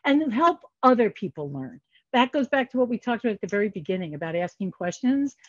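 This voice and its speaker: A woman's voice: a little high, fast, no echo. Older lady guest on a podcast, chatty storyteller, does the voices of people she quotes, dull lo-fi audio. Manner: animated, acts out quoted dialogue. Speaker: economist guest. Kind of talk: casual storytelling in a podcast interview. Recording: muffled lo-fi sound.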